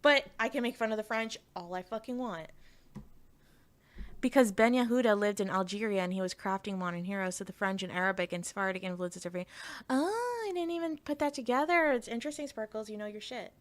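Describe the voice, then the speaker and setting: A woman's voice: mid-range voice, a little fast. A young woman from Canada, streaming and telling a story in a rambling, laughing way with lots of fillers and restarts, talking to her chat.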